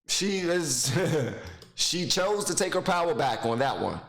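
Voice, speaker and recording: A man's voice: fairly high pitch, very animated, slow, vocal fry, a bit bright, roomy sound. A man giving blunt, mocking casual commentary while reacting to a video clip, rambling into stories.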